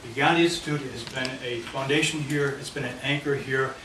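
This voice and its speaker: A slightly fast-talking man with a mid-range voice presents in a meeting room, taking the committee step by step through a map of his neighborhood on a handout. Captured from a distance, the recording is noisy and full of room echo.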